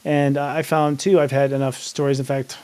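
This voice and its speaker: A man's voice: mid-range voice, flat delivery, normal speed, a little mellow, smooth. A middle-aged man hosting an astrology podcast, talking eagerly with a guest and laughing easily. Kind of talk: conversational interview.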